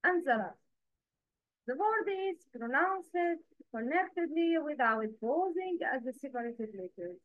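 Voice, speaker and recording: High-pitched woman teacher, slow and patient, asks you to repeat after her, dull dry lo-fi sound. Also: big pitch swings, no room sound. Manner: counts and quizzes listeners directly. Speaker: Quran recitation teacher.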